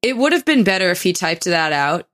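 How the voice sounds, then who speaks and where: Young woman podcast cohost, kinda low voice, dry close mic, sarcastic and laughy. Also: very animated, brisk, a bit bright, no room sound. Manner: chatty, sarcastic, laughs often. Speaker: podcast co-host. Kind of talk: casual chat.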